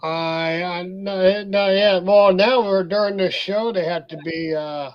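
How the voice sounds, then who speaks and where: High-voiced man hosting a stream. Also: measured pace, clear, resonant tone, muffled recording. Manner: hesitant, rambling, with restarts. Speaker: show host. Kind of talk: casual online livestream chat.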